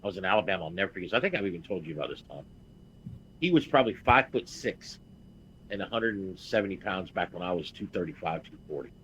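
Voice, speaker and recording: Lively, bright-voiced profane man. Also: low voice, fast, dull audio, a little hiss or hum. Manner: blunt, profane storytelling, gets loud and heated. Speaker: podcast co-host, veteran wrestler. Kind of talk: casual podcast chat.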